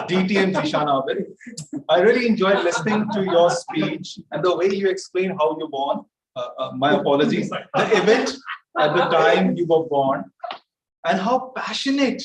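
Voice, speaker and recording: A man's voice: a little high, lively intonation, normal speed. A man with a Pakistani English accent giving jokey feedback on a speech at a club meeting. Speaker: speech evaluator. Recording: echoey room from far off, faint noise.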